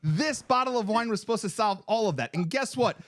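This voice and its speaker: A man in his thirties co-hosting a podcast, telling a story in casual chat, animated and profane. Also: sits high, a little fast, noisy background. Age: 30s. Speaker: podcast co-host.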